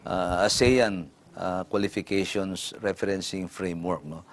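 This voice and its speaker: This is an older Filipino man with a deep, low voice. He gives measured, halting answers in a formal studio interview. He often stops on "uh" and tags his points with "no?". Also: fairly even intonation. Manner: halting, many fillers and tag "no?". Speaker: government education official interviewed as guest.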